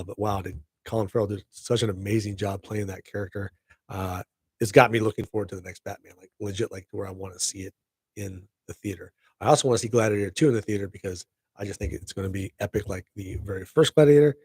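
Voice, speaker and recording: A man's voice: fairly low pitch, vocal fry, darkish tone, breathy edge, no echo. A middle-aged man hosting a casual live podcast stream, rambling upbeat to his viewers. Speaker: podcast host.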